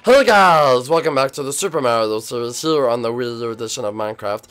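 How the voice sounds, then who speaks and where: A man's voice: medium pitch, fairly even intonation, fast talker. A young man hosting a game role-play video, chatting casually and rambling with lots of fillers. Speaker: host.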